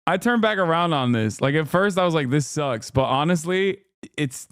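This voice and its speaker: A man's voice: a little high, animated, normal speed, a bit bright, clear, resonant tone, dry recording, studio quality. A man streaming, reacting to clips in casual, sarcastic commentary, repeating himself and laughing often.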